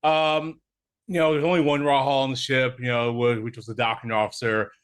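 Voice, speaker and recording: A man running a tabletop game as game master, narrating casually with laughs and quick character quips. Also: medium pitch, little pitch movement, clean tone.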